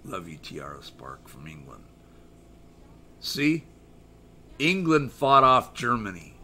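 A man's voice: medium pitch, big pitch swings, slow pace, pushed and bright, a little hiss or hum. A middle-aged American man hosting a live stream, rambling and joking as he reads viewer chat aloud in casual talk. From United States.

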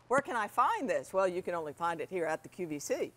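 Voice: mid-range voice, sing-song, quick pace, fairly bright tone. A guest speaking for a brand on a live TV shopping show, enthusiastic and agreeable, chiming in often alongside the host. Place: TV studio kitchen set.

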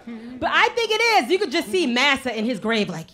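Mouthy woman doing stand-up, fairly high voice. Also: brisk, a crowd in the background. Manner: mouthy, animated storytelling with audience asides. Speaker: stand-up comedian and show host. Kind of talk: stand-up comedy set. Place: live stage before an audience.

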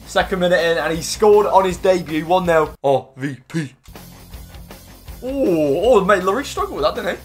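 A young man giving excitable, slangy commentary as he plays a game, with faint music behind. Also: on the high side. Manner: excitable, slangy, quick to exclaim. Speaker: gaming YouTuber. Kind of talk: casual commentary over gameplay.

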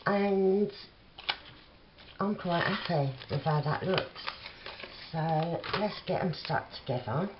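A middle-aged woman with a Cockney accent chatting casually while crafting at home, rambling softly with plenty of fillers. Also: on the low side, takes it slowly, long pauses. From England. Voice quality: soft, rambling with many fillers. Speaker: craft vlogger. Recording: dull lo-fi home recording with noise.

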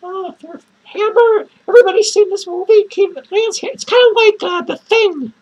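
A man playing a lonely, bitter, foul-mouthed female clown in a comedic horror-movie review skit, rambling and swearing in a shrill falsetto. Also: moderate pace, lo-fi sound. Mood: boasting. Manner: rambling, swearing, cackling between lines.

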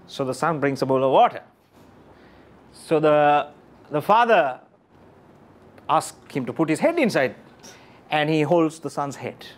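A motivational speaker addresses a live audience in an animated, emphatic way. His pitch swings widely as he fires questions at the room and repeats his key phrases. Faint room ambience sits behind his voice. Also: a little slow, long pauses, slight background noise.

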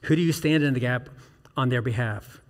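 A man's voice: mid-range voice, brisk. Man preaching in a reverberant church. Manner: earnest preaching with rhetorical questions and rising emphatic peaks. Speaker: pastor. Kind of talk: sermon. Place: church sanctuary.

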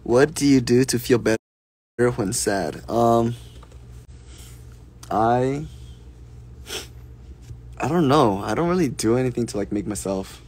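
On a live stream, a man casually takes fan questions, reading each one aloud before answering in a soft, unhurried way. His voice is medium-pitched and husky, and he sounds animated.

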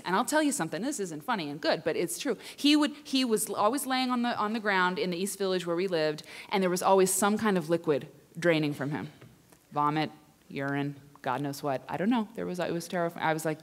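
A woman in her thirties telling a funny personal story live, chatty and self-deprecating with animated asides. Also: lowish voice, brisk. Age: 30s. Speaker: writer and quilter performing for students.

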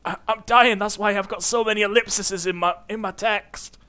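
A man voicing a dying old male wizard mentor in a dramatic, drawn-out, quavering delivery while playing a computer role-playing game. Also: sits high, steady tone, bright, forceful tone, clean tone, pitched above the performer's own voice. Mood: grandly dramatic.

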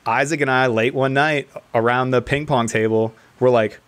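A man's voice: mid-range voice, fairly even intonation, normal speed, few pauses. A man with a mid-range voice spins a yarn among friends in a team room. He talks loosely and keeps breaking into laughs while he acts out other people's lines. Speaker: podcast co-host telling a military story. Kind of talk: casual storytelling among friends.

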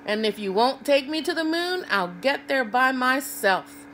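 A woman's voice: sits high, expressive, unhurried, fairly bright tone, slight background noise, pitched above the performer's own voice. A woman reading a storybook voices a stubborn female dairy cow who wails and insists on getting to the moon. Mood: insistent. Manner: insistent, wailing demands.

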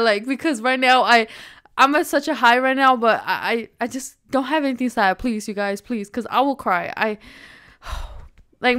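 A woman hosting a reaction video in casual, excitable talk, gasping, repeating herself and slipping into slang. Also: on the high side, moderate pace, dry recording, studio quality. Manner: slangy, says "bro" and "y'all".

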